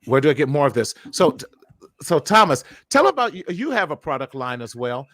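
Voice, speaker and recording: A man hosting a casual live-stream chat over a video call, animated, laughing often and repeating words. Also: a little high, fairly quick, dry recording. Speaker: host.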